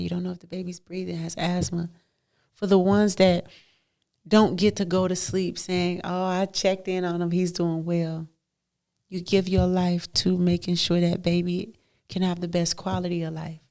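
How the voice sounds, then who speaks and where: A woman's voice: on the low side, gravelly, darkish tone. A woman, hosting a heartfelt solo podcast, emphatic and repetitive, laughing often. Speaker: podcast host.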